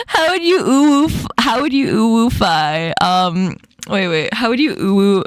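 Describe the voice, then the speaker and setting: High-pitched giggly woman streamer. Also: dry recording, clean studio sound. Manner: giggly, laughs often, swears casually. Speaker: streamer host. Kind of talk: casual chat.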